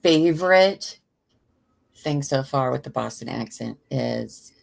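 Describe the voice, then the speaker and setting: A woman's voice: a bass voice, animated, slow pace, gravelly. A tired woman co-hosting a casual trial watch chat, laughing often and poking fun at herself. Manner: chatty, laughs often, self-deprecating. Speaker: co-host of a trial watch show.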